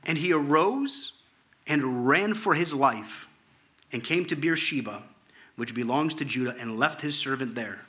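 Man, preacher, sermon, bright tone, lively delivery. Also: medium pitch, a little slow. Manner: animated preaching, reading scripture aloud with sudden drops to a hushed tone. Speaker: pastor.

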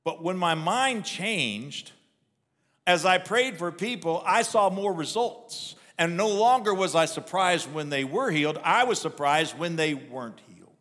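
A man's voice: high voice, animated, unhurried, a bit bright. Man preaching in a ringing church hall. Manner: conversational preaching with repeated restarts. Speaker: pastor. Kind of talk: sermon. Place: church sanctuary.

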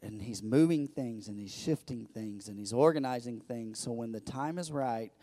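Man preaching a lively sermon. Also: medium pitch, normal speed, dry recording. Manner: lively preaching, swinging from loud peaks to quiet asides; repeats words when building up. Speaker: pastor.

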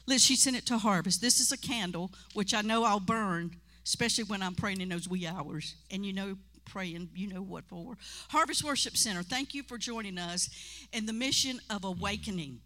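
A woman's voice: medium pitch, moderate pace, bright, forceful tone. A woman leading church announcements in a chatty, joking way, laughing often, in a church sanctuary. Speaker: church leader.

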